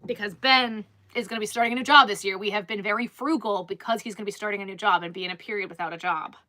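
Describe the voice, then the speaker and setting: A woman's voice: mid-range voice, fast, pushed and bright, slight background noise. A woman chatting casually on a live stream, rambling with lots of restarts and filler words.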